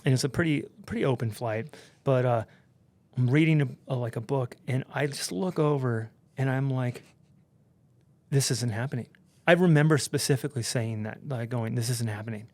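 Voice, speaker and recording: Animated, profane male storyteller. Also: medium pitch, normal speed, no echo. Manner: animated, profane, heavy use of "like". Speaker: podcast guest. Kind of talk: casual storytelling.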